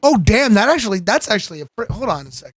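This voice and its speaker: A man's voice: high-pitched, big pitch swings, quick pace, fairly bright tone, no echo. A man chatting casually while playing a game, rambling with lots of fillers and giggling. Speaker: gaming streamer. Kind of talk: casual gameplay chat.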